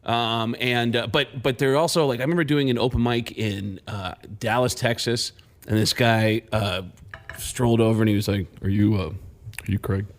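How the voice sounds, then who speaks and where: A man's voice: mid-range voice, normal speed. A man, a comedian and impressionist, telling stories in a casual chat, acting out the voices of the people in them. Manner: animated storyteller, acts out voices.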